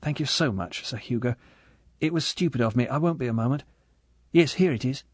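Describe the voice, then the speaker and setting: A man's voice: on the high side, sing-song, a little fast, husky, dry recording, voice pushed up, full character voice. Man doing a flustered, apologetic young woman. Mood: nervous. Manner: breathless, stammering apologies.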